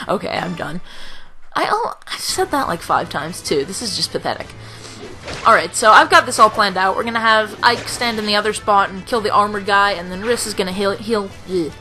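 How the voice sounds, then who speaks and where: A young woman in her late teens with a slightly rough throat, giving dry, rambling, self-mocking commentary over a video game at home. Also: medium pitch, bright, forceful tone, poor audio. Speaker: let's play commentator. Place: home room.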